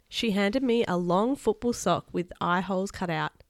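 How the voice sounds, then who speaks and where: Give me a woman reading a children's book aloud, expressive, recorded dry and close. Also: on the low side, moderate pace, vocal fry, no room sound. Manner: expressive, chatty asides to viewers. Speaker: storybook reader.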